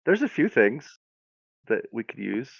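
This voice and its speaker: A man co-hosting a casual podcast, animated and easily amused, sometimes trailing off. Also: mid-range voice, measured pace, gravelly, no echo, dull audio. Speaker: podcast co-host. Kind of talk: casual chat.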